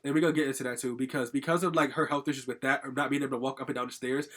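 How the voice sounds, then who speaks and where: A man's voice: medium pitch, steady tone, rapid-fire, fairly bright tone. A young man telling a personal story in a casual, rambling vlog monologue, full of "like" fillers and swearing, agitated and venting. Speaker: storytime vlogger.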